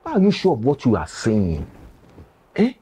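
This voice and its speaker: An actor playing a grave, cautious male village elder with a Nigerian accent, who pleads slowly and speaks in proverbs. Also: mid-range voice, wildly swooping pitch, warm tone, breathy edge, exaggerated voice. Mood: solemn.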